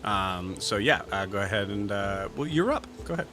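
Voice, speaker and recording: A man running a tabletop game as game master, narrating slowly with many fillers and restarts. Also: lowish voice, lively intonation.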